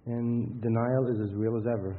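A man's voice: medium pitch, fairly even intonation, normal speed. A man giving a lecture with anecdotes in a rambling, conversational way, often restarting his sentences. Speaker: workshop lecturer. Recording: tinny phone-like sound with faint hiss.

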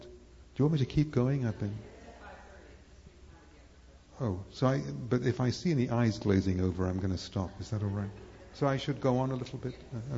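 A man's voice: mid-range voice, dark tone, slight background noise. A man giving a live lecture to an audience, rambling and hesitant, with many fillers and restarts. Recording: echoey hall, dull lo-fi sound.

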